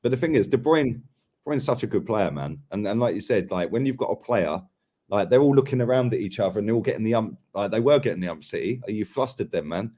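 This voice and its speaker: A man's voice: fairly low pitch, lively intonation, fast talker, warm tone. Blunt young man talking football. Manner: blunt, slangy, emphatic. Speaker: football podcast co-host. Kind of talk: casual live football chat.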